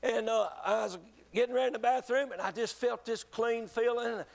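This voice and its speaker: A man preaching a sermon, telling a testimony in an earnest, halting way with many restarts. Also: very high-pitched, fairly even intonation, gravelly. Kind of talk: sermon storytelling.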